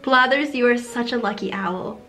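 A high-pitched woman chatters her way through a video game in a casual, wide-eyed tone. She is easily delighted, with quick gasps and giggles between lines. Faint game music plays softly behind her voice. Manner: excitable, gasping and giggling in delight. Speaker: game streamer. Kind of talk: casual gameplay commentary.

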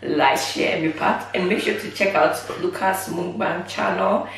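A woman's voice: on the low side, moderate pace, vocal fry, a little hiss or hum. A woman hosting a food vlog, chatting casually to the camera, teasing and laughing often. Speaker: mukbang vlogger. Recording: echoey room from a distance.

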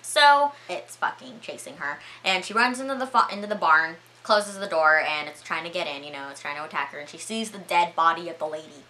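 Young woman vlogger, casual recap, rambly and profane, bright voice, sits a bit low. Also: brisk, few pauses. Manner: rambling, filler-heavy, swears freely.

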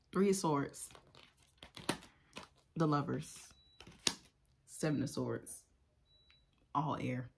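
A woman's voice: lowish voice, gravelly, darkish tone. A woman giving a casual tarot reading, talking bluntly and profanely in a loose, chatty way. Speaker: tarot reader.

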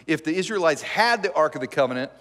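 A pastor preaching to his church, a man with a fairly high voice who tells the story with jokes and lots of animation. His voice rings out in a big sanctuary with a long reverb tail. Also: expressive, quick pace, a bit bright. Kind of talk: conversational sermon.

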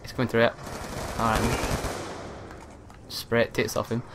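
A young man giving live commentary over a shooter game, talking quietly at home at night and swearing at other players. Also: medium pitch, monotone, a little slow. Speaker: gaming commentator. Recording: noisy game audio behind. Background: gunfire from the game.

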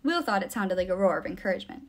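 A woman reading a novel aloud with expressive storytelling. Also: medium pitch, racing. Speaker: reader.

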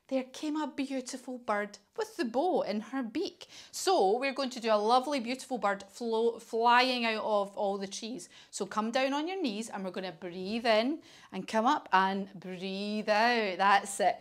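A woman's voice: a little high, unhurried. A woman with a British accent leading a children's yoga class, telling a story in an encouraging, sing-song way. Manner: encouraging, sing-song, coaxing kids along.

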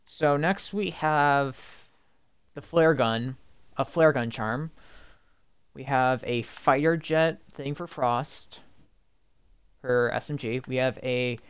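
A man's voice: fairly high pitch, clear, resonant tone. A young man casually commenting on a video game as a YouTuber, rambling with many fillers and restarts. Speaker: gaming YouTuber and streamer.

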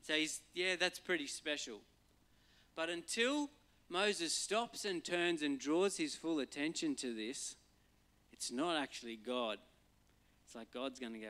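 A man, a pastor giving a relaxed, conversational sermon and acting out voices now and then. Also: on the high side, a little slow. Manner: conversational, acts out voices and quotes for humor.

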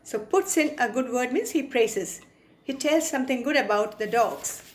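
A woman's voice: on the high side, expressive, normal speed, slight background noise. A woman teacher with an Indian English accent, reading a poem to a class and explaining its words, sometimes acting out short quotes. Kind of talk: English poetry lesson.

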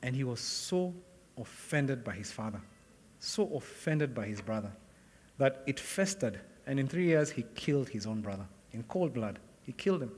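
A middle-aged pastor preaches a sermon built on a personal story, acting out the dialogue and laughing often. His medium-pitched voice is lively, a little mellow and husky, at a moderate pace, ringing with the long reverb of a large church sanctuary.

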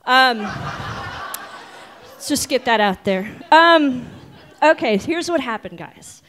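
A woman's voice: sits high, lively intonation, slow pace, a bit bright, a faint crowd. A woman in her forties from Oregon telling a personal story live on stage, chatty and self-mocking, with many ums. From Oregon, United States. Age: 40s.

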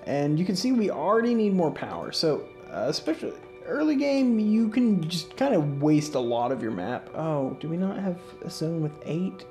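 Sleepy, mellow-voiced man explaining his game. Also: on the high side, moderate pace. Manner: relaxed, rambling, many fillers and restarts. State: sleepy, yawning. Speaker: gaming channel host. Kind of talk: casual let's-play commentary. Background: faint game music.

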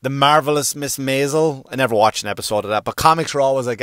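A middle-aged man doing a stand-up monologue, swearing freely and jumping into high voices to act out characters. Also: quick pace, smooth, no room sound, clean studio sound. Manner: animated, swearing, acts out characters with sudden pitch jumps. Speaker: stand-up comedian.

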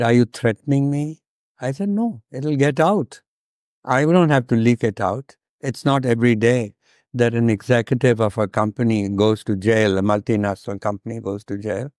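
Slow, deliberate older man telling a story. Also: mid-range voice, a little mellow, no echo, clean studio sound. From India. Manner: slow, deliberate, acts out quoted dialogue. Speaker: author giving a talk. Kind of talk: storytelling talk.

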